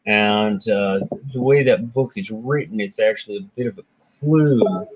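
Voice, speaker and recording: A man's voice: on the low side, unhurried, breathy edge. A man hosting a casual book discussion, retelling myths in his own words. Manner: animated retelling, voicing characters briefly.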